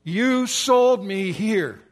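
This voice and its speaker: Earnest Joseph forgiving his brothers, as a preacher acts him out, slightly high male voice. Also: lively intonation, very slow, heavily acted.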